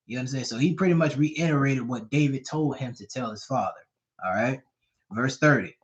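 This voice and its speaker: A male bible teacher reads verses aloud and explains them in loose, animated everyday talk. He keeps checking with his listeners, asking if they understand. His voice is high-pitched, and the recording sounds dull and lo-fi.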